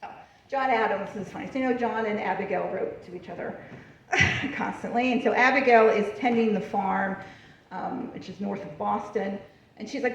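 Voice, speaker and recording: A woman lecturing on history at a library event, chatty and lively, laughing often and checking in with the audience as she moves through her slides. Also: medium pitch, moderate pace, gravelly. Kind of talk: public library talk with slides. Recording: far from the mic, roomy and dull.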